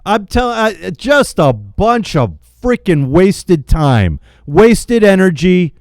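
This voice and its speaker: A man angrily venting in a spoken rant, yelling, repeating himself and stumbling over his words in frustration. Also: high-pitched, big pitch swings, takes it slowly, dry recording. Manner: repeats phrases for emphasis. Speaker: political vlogger.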